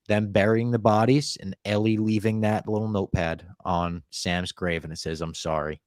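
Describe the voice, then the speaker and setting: A man co-hosting a podcast, retelling a show's episode in relaxed storytelling. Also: low-pitched, no echo, clean studio sound. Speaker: podcast co-host. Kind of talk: casual recap of a show.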